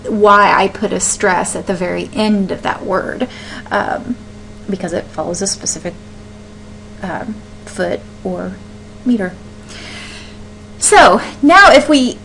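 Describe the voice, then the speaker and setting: A woman teacher explaining poetry step by step, sounding words out slowly to show where the stress falls. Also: medium pitch, slight background noise, poor audio. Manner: explains step by step, with fillers and restarts. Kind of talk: classroom lesson on poetry.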